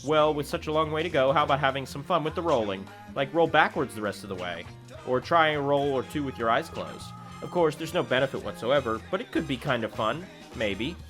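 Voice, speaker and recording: A man's voice: mid-range voice, expressive, fairly quick, a bit bright, soft background music, natural voice. A man voicing a pompous, grandiose cosmic king who speaks in the royal we, reading game dialogue aloud. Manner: haughty, demanding, speaks in the royal we.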